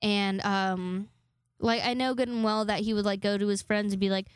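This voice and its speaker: A woman's voice: mid-range voice, fairly even intonation, a little fast, clear, resonant tone, no echo. A young woman hosting her own podcast alone, rambling casually with lots of swearing and self-deprecating asides. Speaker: podcast host. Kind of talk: casual solo podcast chat.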